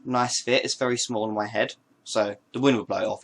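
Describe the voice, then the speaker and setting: A man's voice: lowish voice, fairly even intonation, quick pace, vocal fry, slight background noise. A man chatting casually to camera, showing his hats with playful, rambling jokes and asides. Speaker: vlogger. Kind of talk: casual show-and-tell to camera.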